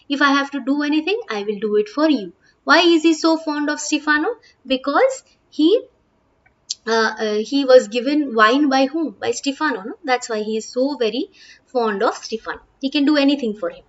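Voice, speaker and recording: On dull audio, a woman with an Indian English accent speaks in a high voice with lively intonation at a moderate pace. Acting as a teacher, she reads lines from a play aloud and then paraphrases each in plain English, often saying "uh" and "okay."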